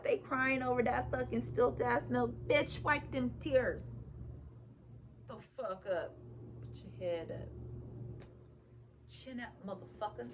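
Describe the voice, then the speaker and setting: A woman's voice: fairly high pitch, slow, long pauses. Woman reading tarot, swearing, emphatic repeats, frequent laughter, faint background noise. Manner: profane, emphatic, laughs often. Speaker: tarot reader. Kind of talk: casual tarot reading to viewers.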